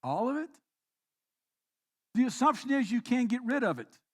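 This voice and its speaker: A man pastor preaching a sermon, swinging between quiet reflective passages and emphatic, raised exhortations. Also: extremely high pitch, very animated, moderate pace. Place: church.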